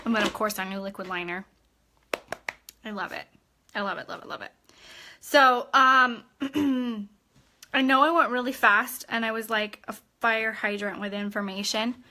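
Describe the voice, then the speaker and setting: Bright, chatty woman coaching her sales team. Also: fairly high pitch, moderate pace, pauses often. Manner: energetic, chatty, repeats points and checks in with "okay?"; acts out customer chats in a bubbly voice. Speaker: direct sales team leader. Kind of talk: live video training for her sales team.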